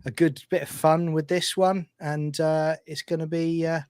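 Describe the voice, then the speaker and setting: A man's voice: a little high, flat delivery, normal speed, darkish tone, clean tone, dry recording, clean studio sound. A man co-hosting a live watch-along, upbeat and chuckling often. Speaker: co-host.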